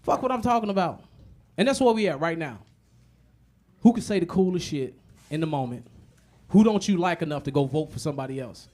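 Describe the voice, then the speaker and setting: High-voiced man doing profane stand-up. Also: brisk, pauses often. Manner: animated, profane storytelling with many repetitions; mixes low, muttered asides with loud punchlines. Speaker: stand-up comedian. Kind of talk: stand-up comedy set.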